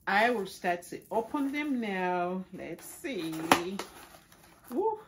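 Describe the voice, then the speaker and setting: A middle-aged woman chatting casually in a home vlog, exclaiming excitedly while she opens gifts. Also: medium pitch, slow, heavy background noise. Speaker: vlogger.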